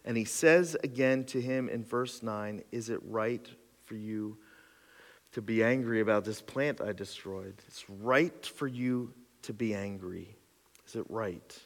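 Animated pastor preaching in a reverberant hall. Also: male voice, medium pitch. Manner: animated storytelling, swings from loud exclaiming to quiet reflection. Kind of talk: sermon.

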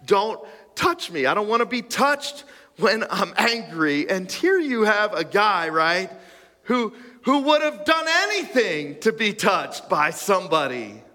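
A man's voice: high voice, big pitch swings, measured pace, bright, forceful tone, in a large hall. A man preaching a sermon as a pastor, talking conversationally with self-deprecating asides and stammered restarts.

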